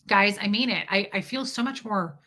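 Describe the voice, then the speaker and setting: Bright-voiced woman chatting on a livestream. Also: mid-range voice, normal speed. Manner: candid, emphatic, swears freely, often repeats words. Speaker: livestream host reading viewer chat. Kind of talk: casual livestream chat.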